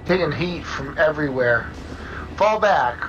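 A man's voice: on the high side, animated, measured pace, highs cut off. A man playing a military shooter with friends, making wry callouts and teasing remarks. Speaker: gamer. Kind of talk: casual gameplay chat. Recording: loud game noise behind.

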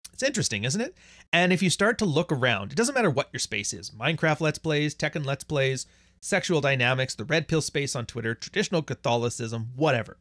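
A man's voice: mid-range voice, a bit bright, no room sound. Male livestream host, blunt and profane, dry close-miked sound. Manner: blunt, profane, reads out super chats. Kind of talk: casual livestream monologue.

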